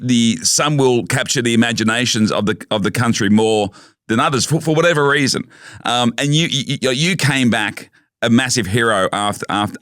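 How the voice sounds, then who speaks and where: A man hosting a podcast, halting and repeating words as he asks long questions. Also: medium pitch, fairly bright tone, no echo, clean studio sound. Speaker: podcast host. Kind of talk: casual chat.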